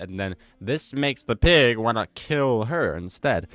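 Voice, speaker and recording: A man's voice: medium pitch, expressive, measured pace, few pauses, fairly bright tone, faint music behind. A young man giving a casual, rambling, wisecracking recap commentary, full of slang. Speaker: commentary host.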